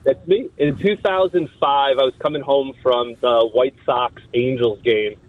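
A man calling into a radio show and telling an anecdote in a relaxed, amused way. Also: mid-range voice, unhurried, no echo. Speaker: caller. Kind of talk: phone-in call. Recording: tinny phone line.

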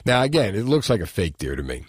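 A man's voice: lowish voice, very animated, fast, slightly rough, no echo, clean studio sound. Rambling, chatty male radio host. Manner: rambling, chatty, heavy with filler words. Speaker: radio talk show host. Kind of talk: casual radio chat. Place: radio studio. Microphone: studio microphone.

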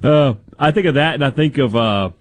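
A man co-hosting a radio show, joking with quick asides in casual banter. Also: on the high side, lively intonation, dry recording.

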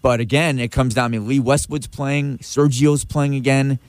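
A male radio host in easy, chatty conversation, tripping over his own restarts as he tosses out asides. His pitch is average for a man, and the sound is dry and close on a studio mic. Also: fairly even intonation, normal speed, no echo. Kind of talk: casual radio chat.

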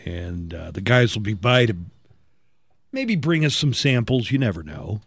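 A man's voice: on the low side, lively intonation, creaky, slightly rough, no room sound. A middle-aged man hosting a morning radio show, trading casual jokes and reading news and listings. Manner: wisecracking, conversational, reads listings briskly.

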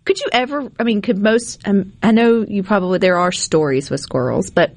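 A woman hosting a radio talk show in a studio, chatty and quick to laugh. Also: medium pitch, no room sound. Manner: chatty, giggly, laughs often. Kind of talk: casual radio chat. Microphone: studio microphone.

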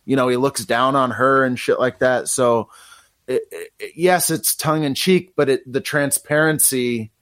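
A man's voice: medium pitch, normal speed, a bit bright, no room sound. A man with a mid-range voice picks his words carefully, stammering and starting over as he talks about a film. He is recorded close and dry. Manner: hesitant, self-correcting, stumbling over words. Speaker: podcast co-host. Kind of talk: casual film discussion.

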